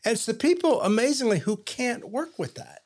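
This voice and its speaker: A man with a notably high speaking voice talks in a relaxed, conversational way. He tells earnest stories and slips into the voices of the people in them. He sounds middle-aged. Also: moderate pace. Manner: earnest storytelling with quoted dialogue. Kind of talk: casual conversation.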